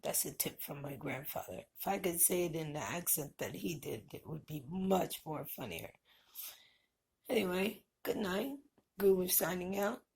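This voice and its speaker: A woman's voice: low voice, expressive, moderate pace, gravelly, a little mellow, husky. A middle-aged woman vlogging at home, giving folksy, heartfelt advice and blessings to her viewers. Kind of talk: casual talk to camera. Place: indoors at home.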